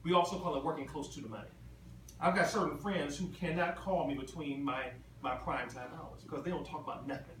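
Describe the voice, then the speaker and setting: A brisk, slightly high and a bit bright voice carries this man's motivational convention talk, emphatic and repetitive and full of questions for the audience. The recording comes from far off in a large, echoey hall with ambient noise.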